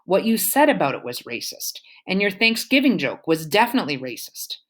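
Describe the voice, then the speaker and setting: A woman reading aloud, voicing a calm teenage girl who corrects her friend in a level way. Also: lowish voice, brisk, voice pushed up.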